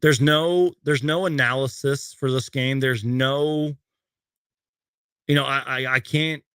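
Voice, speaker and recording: Young man, choked up, bright voice, dry close webcam sound, halting fan rant. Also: medium pitch, fairly even intonation, smooth, no room sound. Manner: emotional, halting, reads tweets aloud. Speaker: host. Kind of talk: post-game fan rant. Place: bedroom at home.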